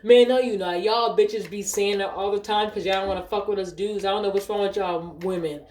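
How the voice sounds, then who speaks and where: A woman's voice: mid-range voice, fairly even intonation, brisk, a little mellow, roomy sound, voice pushed up, close to an everyday voice. A woman voicing a pushy young man who keeps hitting on a cashier, crude and slangy.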